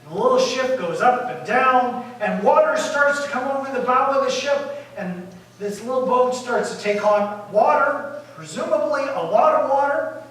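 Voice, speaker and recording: A male pastor telling a story in a sermon, lively and animated, acting out the disciples' panic and dropping to quiet asides. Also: extremely high pitch, moderate pace. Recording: echoey room from far off.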